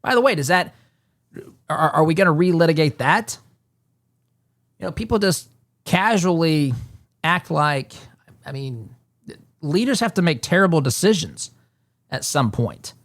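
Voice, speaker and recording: A man's voice: on the high side, animated, a little slow, long pauses, a bit bright, no room sound, clean studio sound. A man hosting a political talk show, delivering an emphatic monologue and often repeating words as he builds a point.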